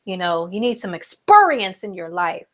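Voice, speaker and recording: A young woman hosts a loose live horoscope stream, speaking into her phone. She is chatty and full of fillers, drifting into asides to her viewers at a middle pitch. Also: big pitch swings, normal speed, fairly bright tone. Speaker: astrology livestream host. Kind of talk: casual live horoscope reading.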